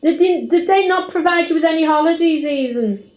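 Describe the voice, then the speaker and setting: A woman's voice: extremely high pitch, fairly quick, darkish tone, slight background noise. A woman asking family members about their past in casual chat, prompting with curious questions. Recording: echoey room.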